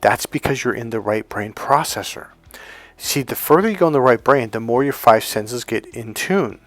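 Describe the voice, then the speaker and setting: The recording is dry, capturing a middle-aged dating coach with a mid-range, fairly bright voice at normal speed. Talking to camera, he coaches bluntly and emphatically, swearing freely and repeating phrases for stress.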